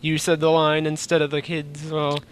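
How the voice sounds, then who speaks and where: A man in the audience asking a question at a convention panel, hesitant and halting. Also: fairly high pitch, monotone, slight background noise. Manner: hesitant, halting, many false starts.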